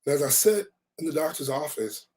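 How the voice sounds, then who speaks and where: A man's voice: a little high, fairly quick, a little mellow. A middle-aged man, a life coach telling a personal story in a folksy, earnest way, his voice weak and strained. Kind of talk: personal vlog talk.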